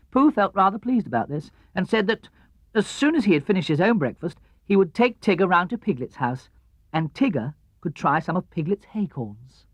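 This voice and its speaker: On a dull, dry 1970s LP studio recording, a man reads a children's storybook aloud at a normal speed. His audiobook delivery is lively and expressive, though he drops low and soft for the narration tags.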